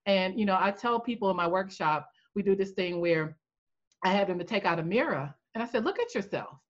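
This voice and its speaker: A woman coach telling an animated story in a podcast interview, acting out the voices she quotes. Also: a little fast, lo-fi sound. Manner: animated storyteller, acts out quoted voices with big pitch jumps. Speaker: coach and founder.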